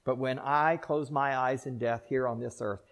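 An older man preaching a sermon as pastor, rising to loud emphatic peaks and dropping to soft, slow, drawn-out pleas. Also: medium pitch, fairly even intonation, gravelly.

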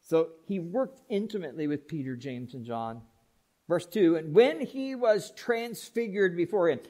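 Man, sermon, high voice, dramatic swings from hushed to loud, playful storytelling. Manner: humorous, acts out Bible characters. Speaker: pastor.

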